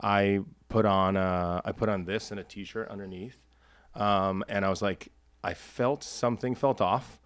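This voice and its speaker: Soft-spoken low-voiced man chatting. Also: steady tone, measured pace, clear, resonant tone, dry recording. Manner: soft-spoken, reflective, many affirming murmurs. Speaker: podcast co-host. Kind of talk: casual chat.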